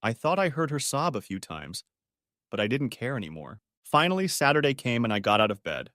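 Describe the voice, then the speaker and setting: A man's voice: mid-range voice, sing-song, brisk, fairly bright tone, no room sound, clean studio sound. A man narrating a first-person audiobook story in a bitter, restrained way.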